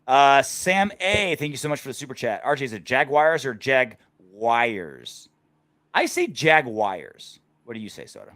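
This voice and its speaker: Lively joking man hosting a podcast. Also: medium pitch, measured pace, dry recording. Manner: joking, crude banter. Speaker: podcast host. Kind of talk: casual sports podcast chat.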